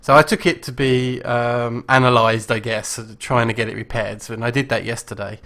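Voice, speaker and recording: A man talks casually on a live game stream, rambling through his thoughts with plenty of pauses and restarts. His voice sits at an ordinary middle pitch. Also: steady tone, pushed and bright. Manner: rambling, lots of ums and restarts. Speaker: streamer hosting a live show.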